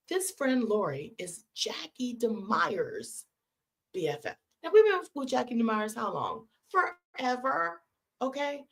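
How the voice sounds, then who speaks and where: A woman hosting a live stream from California, telling a long personal story to her viewers and acting out the people in it. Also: fairly high pitch. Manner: animated storyteller acting out quoted voices. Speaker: host.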